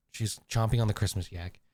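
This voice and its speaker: A man's voice: on the low side, darkish tone, dry recording, clean studio sound. A man live-streaming from a room at home, chatting playfully with his viewers and his cat. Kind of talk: casual live-stream chat.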